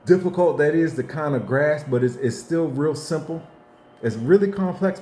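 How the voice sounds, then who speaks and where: A man giving an unscripted faith monologue in a folksy, conversational way. He repeats himself and restarts often, moving between hushed reflection and fired-up bursts. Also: medium pitch. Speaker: motivational faith speaker.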